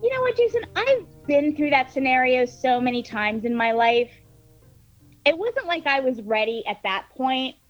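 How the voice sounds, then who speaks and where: A woman telling a story in casual chat, animated and full of fillers, swearing freely. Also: high voice, normal speed, lo-fi sound, faint music behind. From New York. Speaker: guest storyteller.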